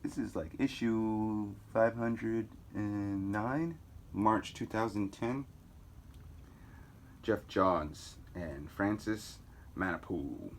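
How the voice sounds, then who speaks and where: A man's voice: fairly low pitch, drawn-out words, slight background noise. A man reading a comic book aloud for kids, with offhand, joking asides.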